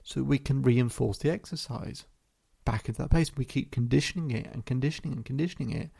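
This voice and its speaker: Guy with a gravelly voice, hypnotherapist telling a session story, calm and unhurried, mid pitch. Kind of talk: storytelling monologue to camera.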